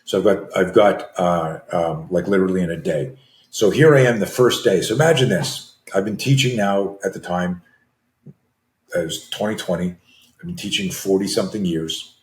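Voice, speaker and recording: A man in his sixties, a self-defense coach telling a story as a podcast guest, animated and acting out dialogue with frequent restarts. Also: sits low, normal speed, roomy sound.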